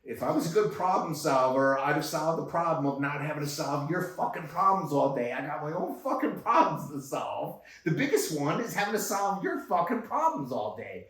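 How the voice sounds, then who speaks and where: A man in his fifties rants and swears his way through a story, circling back over the same lines. His voice sits a little high for a man. He is set back from the mic in a very echoey room. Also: very animated, moderate pace, hardly any pauses, fairly bright tone, distant mic. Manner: ranting, profane, repetitive. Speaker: guest. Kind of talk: casual profane storytelling.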